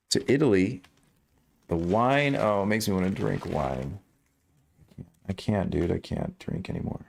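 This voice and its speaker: Brief: a male streamer, deep and gravelly, animated delivery, reads headlines and riffs with casual jokes. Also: unhurried, a little hiss or hum. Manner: rambling, self-correcting, jokey. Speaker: streamer reading news. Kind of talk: casual livestream news commentary.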